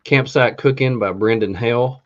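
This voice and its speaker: A podcast co-host casually reads through a list of classes, with many ums and uhs. He has a mid-range voice and speaks at a normal speed. The recording sounds dull and lo-fi.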